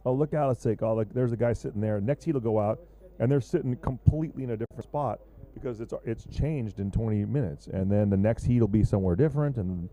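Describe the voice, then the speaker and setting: A man's voice: on the low side, fast talker, mellow. A man commentating live at a surf contest, loose and joking, rambling with lots of fillers.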